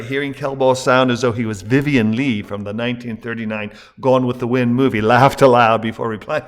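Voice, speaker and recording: An older man narrating a story he wrote, in a steady, plain reading voice. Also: medium pitch, a little fast, few pauses. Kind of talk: reading his own story aloud.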